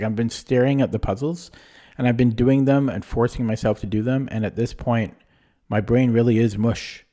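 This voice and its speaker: A man's voice: medium pitch, warm tone. A young man streaming himself playing chess, rambling and self-deprecating as he thinks aloud in casual commentary.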